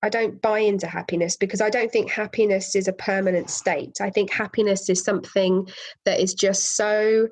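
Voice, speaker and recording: A woman, a property investor as podcast guest, telling a story in a casual, animated way and laughing often. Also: mid-range voice, normal speed, poor audio.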